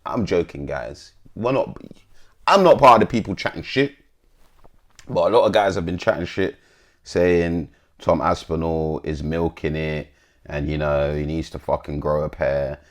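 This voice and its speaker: A man's voice: rumbling low, moderate pace. A man hosting an MMA commentary channel, chatting bluntly and swearing as he reads posts to his viewers. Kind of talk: casual commentary, reading posts aloud.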